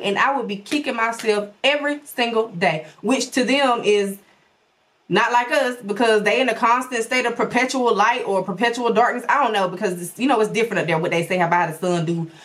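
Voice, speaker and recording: Woman host, casual direct-to-viewer commentary; animated, folksy, big pitch swoops. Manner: animated, folksy, talks straight to her audience. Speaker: podcast host.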